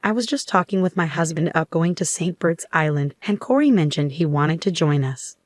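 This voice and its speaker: A woman's voice: sits low, animated, fairly quick, no room sound. A woman voicing a cold, demanding middle-aged mother-in-law in a narrated story. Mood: cool, pushy. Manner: demanding and icy.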